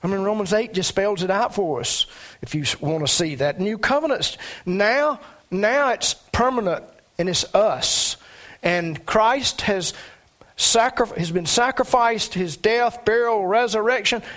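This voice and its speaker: High-voiced emphatic male preacher. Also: animated, measured pace, fairly bright tone. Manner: emphatic preaching with sudden rises in pitch. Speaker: pastor. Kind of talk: sermon.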